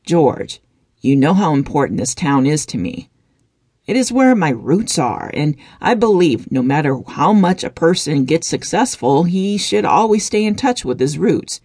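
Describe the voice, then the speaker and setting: A wealthy young man speaks calmly and earnestly about family, voiced by a woman reading an audiobook. The voice is pushed a little lower than the narration. It is recorded close and dry. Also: measured pace, slightly rough, no room sound, exaggerated voice.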